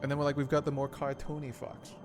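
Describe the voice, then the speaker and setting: A man's voice: medium pitch, completely flat delivery, quick pace, over music. A man streaming a game, chatting casually in a rambling, profane, joking way.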